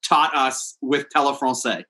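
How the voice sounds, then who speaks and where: A man's voice: mid-range voice, unhurried, sharp tone. A man hosting a comedy podcast, chatting casually and leading into the next segment with an upbeat manner. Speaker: podcast host.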